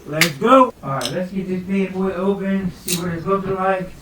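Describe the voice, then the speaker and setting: A young man talks loosely through an unboxing in his kitchen, often breaking into exclamations. He is picked up by a phone camera across the room, so he sounds distant in an echoey space. Steady background noise sits under his voice. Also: high voice, moderate pace. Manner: loose, chatty, exclaims a lot. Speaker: hobby snake breeder vlogger. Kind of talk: casual unboxing vlog. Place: home kitchen. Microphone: phone camera set across the room.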